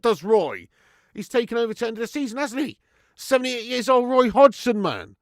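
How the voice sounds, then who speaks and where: A middle-aged man, chatting excitably through a live football watch-along, swearing and bantering with his viewers. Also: very high voice, fairly quick, no echo, studio quality.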